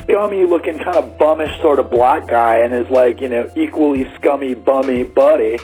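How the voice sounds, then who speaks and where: A man's voice: medium pitch, moderate pace, darkish tone, poor audio. A man telling a personal story in a casual, rambling way, full of fillers and acted-out quotes. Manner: rambling, many "like"s, acts out quotes.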